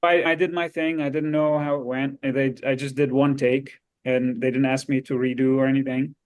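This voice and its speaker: A man, a guest actor, telling anecdotes in a casual, lively way on an interview podcast. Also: medium pitch, brisk, smooth. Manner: lively, animated storytelling with frequent laughs.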